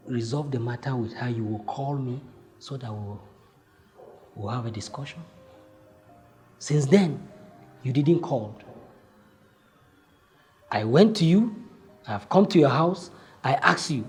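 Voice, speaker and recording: A man telling his own life story, acting out heated exchanges with lively swings in voice. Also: medium pitch. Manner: animated, acts out heated exchanges. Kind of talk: personal storytelling.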